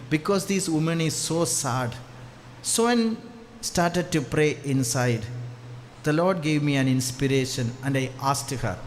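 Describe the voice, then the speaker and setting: A male priest giving a storytelling sermon, repeating key phrases and swinging from hushed to loud as he leads the congregation in call-and-response. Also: fairly high pitch, a little hiss or hum.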